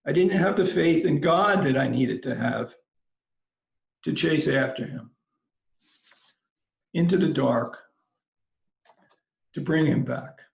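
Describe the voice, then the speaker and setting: A man giving a commencement address, telling a story in a slow, measured, reflective way. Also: on the high side, creaky. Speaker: commencement speaker. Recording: roomy, slightly dull recording.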